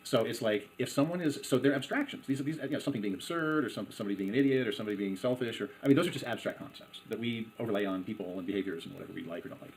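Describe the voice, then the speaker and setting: A man's voice: on the low side, racing, few pauses, darkish tone, a little hiss or hum, poor audio. A man interviewing and coaching a guest, probing with questions and murmuring agreement often. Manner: probing, with frequent backchannel murmurs. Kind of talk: conversational interview.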